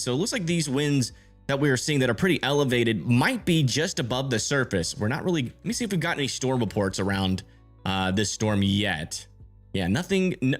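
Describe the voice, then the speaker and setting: A man giving live storm-tracking commentary on a stream, thinking aloud and answering viewer chat as he checks radar. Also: mid-range voice. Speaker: livestream weather tracker.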